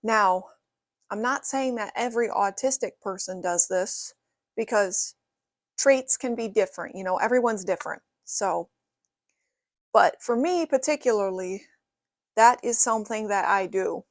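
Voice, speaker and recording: A woman's voice: medium pitch, unhurried, dry recording. A young woman talking casually to camera from her bedroom, rambling with many "you know" fillers. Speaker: vlogger. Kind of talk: casual vlog talk to camera.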